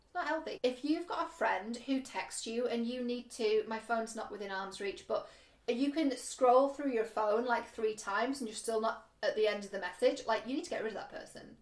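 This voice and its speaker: A woman's voice: fairly high pitch, moderate pace. A young British woman giving casual, frank love and friendship advice to camera, chatty and swearing easily, with lots of "like" fillers. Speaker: dating coach and vlogger. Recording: echoey room.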